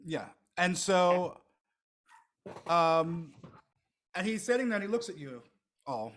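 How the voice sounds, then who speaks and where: A man's voice: sits high, sing-song, takes it slowly, long pauses, a bit bright. A man narrating a tabletop game as game master, in a casual, filler-heavy way.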